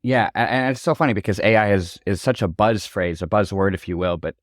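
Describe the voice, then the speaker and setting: A man's voice: on the low side, fairly quick, no echo, clean studio sound. A male interview host in a business interview, talking in a casual, affirming way.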